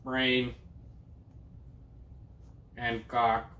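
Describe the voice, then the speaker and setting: A slow, flat synthesized-speech voice, put on by a man. Each word comes out even and deadpan. The sound is roomy and echoey. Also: medium pitch. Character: slow flat synthesized-speech impression of a famous scientist, male.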